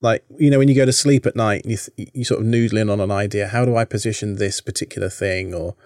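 A man's voice: fairly low pitch, fairly even intonation, fast talker, a little mellow, no room sound, clean studio sound. A man with a British accent chatting casually as a podcast guest, self-deprecating and talkative. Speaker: guest, content creator.

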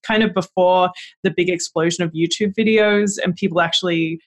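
A woman's voice: lowish voice, fairly even intonation, brisk. A woman from Australia with an Australian accent, a podcast panelist chatting casually and laughing at herself. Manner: self-deprecating, laughs at herself.

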